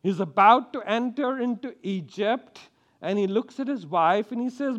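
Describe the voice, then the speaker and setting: A man from India preaches with a lively, swooping delivery, his voice sitting high for a man. He acts out quotes and often stumbles and repeats words as he presses a point. His tone is animated and conversational. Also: moderate pace, lo-fi sound. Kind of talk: sermon.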